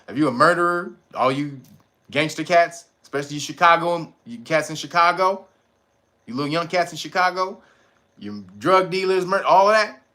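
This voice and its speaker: A man's voice: a little high, pushed and bright. A man hosting a casual livestream, talking in profane street slang, laughing often and answering his viewers' chat. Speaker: livestream host.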